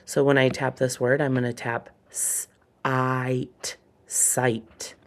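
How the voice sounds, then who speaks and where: A man teaching a phonics lesson, slowly and deliberately sounding out words letter by letter. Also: mid-range voice, flat delivery.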